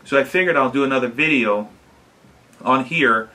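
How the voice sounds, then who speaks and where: A man casually talking to his camera about a home-made prop, unhurried, with lots of fillers and restarts. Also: medium pitch, sharp tone. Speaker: DIY maker vlogger. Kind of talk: casual explanatory vlog. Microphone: camera mic.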